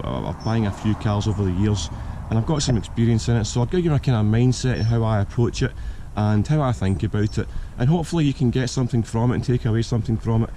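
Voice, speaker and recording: A man with a croaky voice from a cold, hosting and giving casual buying advice with lots of ums and restarts. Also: medium pitch, dark tone, slight background noise. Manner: hesitant, many ums and restarts. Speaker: car channel host.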